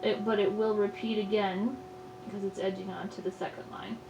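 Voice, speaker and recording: A piano teacher gives a patient, step-by-step lesson, naming each finger and note in turn. Her mid-range voice is fairly even and a little fast. The mic sits far back in an echoey room, so the audio sounds dull, with loud piano playing in the background.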